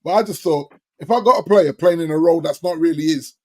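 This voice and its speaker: Jokey man with a higher voice. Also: dark tone. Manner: jokey, agreeable, lots of quick yeahs. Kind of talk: casual football chat.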